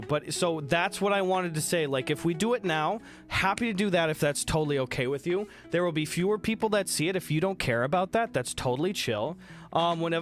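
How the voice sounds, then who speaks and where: Sick but still live, a man chats casually with his stream, reading the chat, thanking viewers by name and swearing freely. His voice is on the high side.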